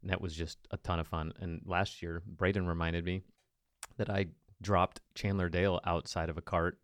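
A man with a very deep voice co-hosts a casual podcast, quick to tease and laugh along. His delivery is dry and close to the mic, with no echo. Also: little pitch movement. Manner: jokey, laughs easily, teasing. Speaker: podcast co-host.

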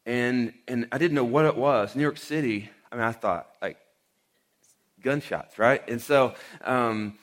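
A man preaching in a relaxed, chatty way, telling a story with plenty of "um"s and little acted-out lines. His voice sits at an ordinary middle pitch. He sounds like a pastor talking to his congregation rather than reading. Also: unhurried. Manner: casual storytelling with fillers and acted quotes. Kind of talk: conversational sermon with personal story.

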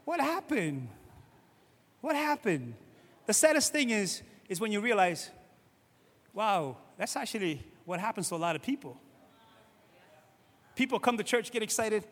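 A male pastor from Cape Verde, preaching in a lively, conversational way and often asking "right?", swinging between loud and soft. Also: high-pitched, normal speed, pauses often, big-room sound. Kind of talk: sermon.

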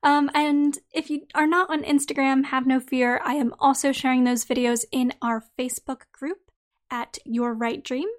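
A woman hosting a podcast who talks straight to her listeners in a friendly way and then reads out her own article, her voice slightly croaky today. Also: sits high, level tone, normal speed. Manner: friendly, direct address to listeners. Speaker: podcast host. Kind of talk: podcast monologue and article reading.

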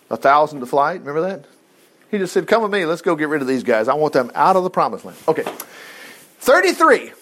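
Animated folksy man teaching Bible. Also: on the high side. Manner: folksy, jokey, reads scripture aloud and acts out quotes. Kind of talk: informal Bible study teaching.

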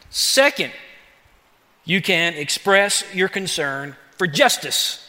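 A man preaching a sermon as pastor, in an animated, conversational way with playful asides, in a church sanctuary. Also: high voice, slow. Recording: church hall reverb.

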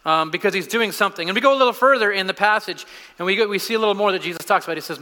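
A man delivers a sermon in a loose, talky way, full of restarts and fillers, and goes hushed when he quotes. His voice sits a touch high and sounds bright and forceful. A long hall reverb trails each phrase, as in a large church hall. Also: very fast. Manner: conversational, with frequent restarts and fillers, dropping soft for quotes. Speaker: pastor.

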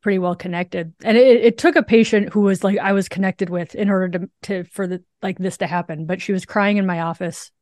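A woman in her forties talks in an animated, quick way as a guest on a podcast. Her voice sits at a middle pitch, and it is recorded dry and close. Many fillers run through her speech. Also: no echo. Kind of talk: conversational interview storytelling.

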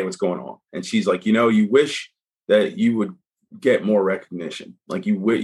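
A man's voice: on the low side, breathy edge. A middle-aged man speaking as a podcast guest, telling stories casually and acting out what people said. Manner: animated, acts out quoted speech. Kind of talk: casual conversational storytelling.

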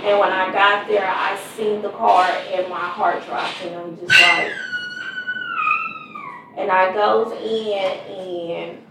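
A woman's voice: medium pitch, steady tone, slow pace, very noisy. A middle-aged woman, a mother, giving earnest personal testimony in a conversational storytelling way. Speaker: mother of a murder victim. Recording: very echoey room, distant mic, faint ambience.

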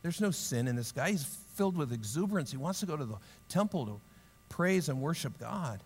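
A man with a fairly high voice preaches a sermon in a large hall, and his words ring out with a long reverb. He tells the story with humor and acts out its people in voices. He then turns quiet and earnest. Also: animated, fairly quick, slightly rough. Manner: drops to a low, quiet, earnest tone. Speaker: pastor.

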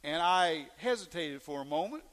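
A man's voice: fairly high pitch, expressive, moderate pace, a bit bright, big-room sound. A man preaching a sermon as pastor, telling folksy stories and asking the congregation questions.

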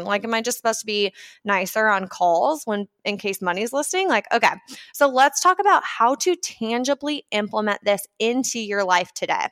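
A woman hosting a casual motivational talk, chatty and animated, often acting out little scenes and dotting her speech with filler words. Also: a little high, normal speed, no echo, studio quality. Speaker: podcast host.

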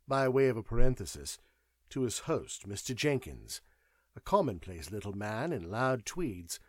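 A man narrating a classic mystery audiobook in an expressive, measured storytelling manner. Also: medium pitch, no room sound, clean studio sound. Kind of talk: scripted narration.

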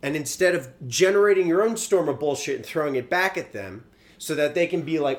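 A man co-hosting a podcast, making his point earnestly and haltingly, with frequent restarts. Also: on the high side, lively intonation. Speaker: podcast co-host. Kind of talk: casual debate.

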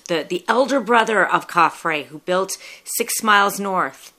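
A woman with a crisp, bright voice hosts a podcast. She asks questions and explains history with lively curiosity. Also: lowish voice. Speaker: podcast host. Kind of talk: casual interview and explanation.

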